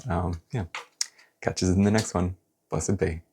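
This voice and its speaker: With a low, husky voice and no hurry, a man gives a pick-a-card tarot reading, blunt, animated and casual, dropping the occasional swear word.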